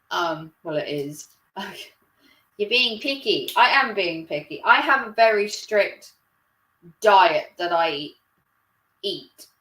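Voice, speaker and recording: A woman's voice: mid-range voice, fairly bright tone. A woman chatting casually on a live stream, rambling and laughing often. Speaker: livestreamer. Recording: roomy echo.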